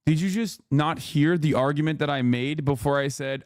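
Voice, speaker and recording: A streaming man tears into his targets with crude, mocking jabs. His voice sits a touch high and sounds smooth and crisp. The sound is dry and close. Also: normal speed, darkish tone, no echo. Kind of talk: profane live-stream rant.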